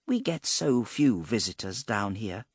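A man's voice: lowish voice, sing-song, unhurried, slightly rough, no echo, clean studio sound, heavily acted. A man voicing an ancient giant female serpent spirit, commanding and dismissive. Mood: imperious. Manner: imperious, clipped.

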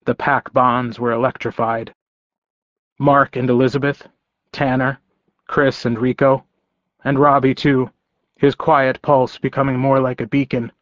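Slow, measured male audiobook narrator. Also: medium pitch, level tone, fairly bright tone, dry recording, dull audio. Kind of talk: first-person audiobook narration.

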